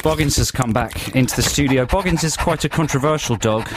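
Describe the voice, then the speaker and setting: A man's voice: mid-range voice, a little fast. Brief: male co-host, dry jokes, faint hiss in the studio. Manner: dry, jokey interjections. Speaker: radio co-host. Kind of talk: casual radio banter. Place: radio studio.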